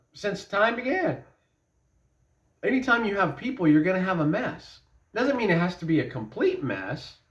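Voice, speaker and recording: A man's voice: on the high side, fairly bright tone. A man giving an informal devotional Bible talk, telling stories in a folksy, conversational way with fillers. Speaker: Bible teacher. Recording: dull lo-fi sound.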